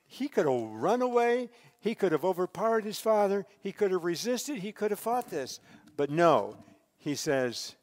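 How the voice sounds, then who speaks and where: A man preaching a sermon as pastor, swelling loud and dropping soft as he tells a Bible story. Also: sits high, big pitch swings, normal speed, big-room sound.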